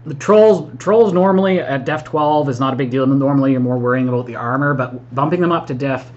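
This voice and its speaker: A man talks through his tabletop wargame match in a casual voice-over recap, chatty and quick to admit his own mistakes. His voice sits at a middling pitch. The audio is a bit dull and lo-fi. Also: a little mellow. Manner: chatty, self-critical, frequent ums and mm-hmms. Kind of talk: voice-over game recap commentary.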